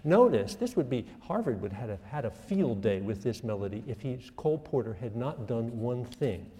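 A man's voice: mid-range voice, moderate pace. Older male professor in an echoey hall. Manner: lively, self-mocking, asks the class questions. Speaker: music professor. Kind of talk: classroom lecture. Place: lecture hall.

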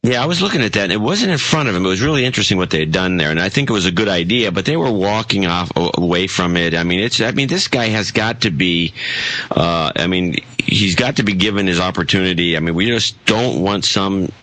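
A man's voice: low voice, animated, brisk, sharp tone, no echo. A man from the United States co-hosting a casual chat, rambling with many restarts and fillers, over an internet call. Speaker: podcast co-host.

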